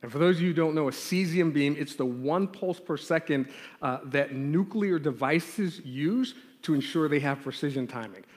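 A man telling a lively childhood story in a sermon and then leading a prayer, acting out the scenes as he goes. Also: on the high side, moderate pace. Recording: long hall reverb.

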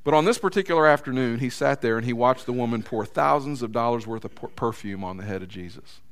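A man's voice: mid-range voice, quick pace. A man preaching a conversational sermon, acting out characters' thoughts and speaking directly to the congregation.

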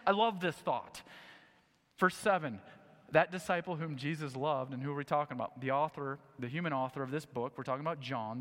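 A man preaching a sermon, reading scripture and acting out the story with lively asides. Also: on the high side, in a large hall. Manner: animated storytelling, acting out scenes. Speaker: pastor.

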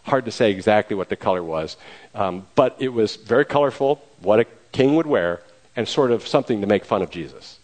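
A man preaching a storytelling sermon, retelling events in a lively way with acted quotes. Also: on the low side, fairly quick, poor audio.

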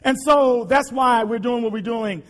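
High-pitched preacher man shouting. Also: measured pace. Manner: impassioned, often shouting, repetitive exhortations. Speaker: pastor. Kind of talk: sermon.

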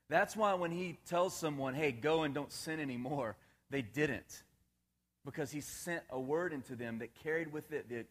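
A man preaching a relaxed, conversational sermon, often checking in with his listeners and laughing at his own jokes. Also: mid-range voice. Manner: casual, asks the congregation questions, laughs at his own jokes.

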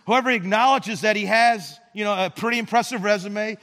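A pastor preaching with a high voice that rings through a large, reverberant hall. He speaks earnestly, restarts with repeated words and sinks to quiet emphasis on key lines. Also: fairly quick. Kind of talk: sermon.

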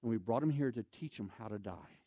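A man voicing a frantic foreign camp manager who shouts in clipped, broken English. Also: lowish voice, lively intonation, brisk, dry recording, pitched below the performer's own voice. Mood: grave.

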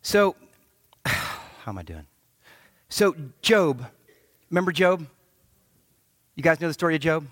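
Male pastor, middle-aged, playful preacher with a swooping, expressive delivery. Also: on the high side, slow pace, long pauses, dry recording, studio quality. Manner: animated, joking preacher who acts out quotes. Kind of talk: sermon.

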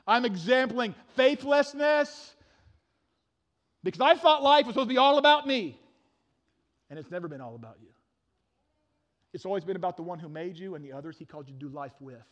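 A male pastor preaching a sermon with passion, swinging from loud declarations to hushed intensity, with frequent stammering restarts. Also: high-pitched, lively intonation, moderate pace, pauses often.

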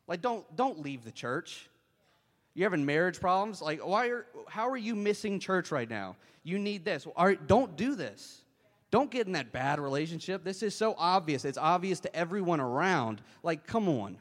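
A man preaching a sermon in a conversational way, often jumping up in pitch as he acts out quoted voices. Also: animated, normal speed. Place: church hall. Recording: long hall reverb.

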